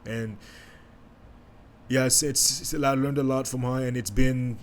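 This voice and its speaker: Emotional man in a halting, candid confession. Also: medium pitch, fairly even intonation, slight background noise. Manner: emotional, halting, with frequent restarts and slang. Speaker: podcast host. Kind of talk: candid personal monologue.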